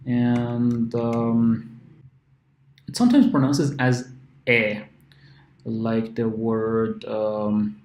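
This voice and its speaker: Slow, patient male English teacher. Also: medium pitch, fairly even intonation, darkish tone. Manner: patient, repeats example words slowly. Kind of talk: phonics lesson explanation. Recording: echoey room.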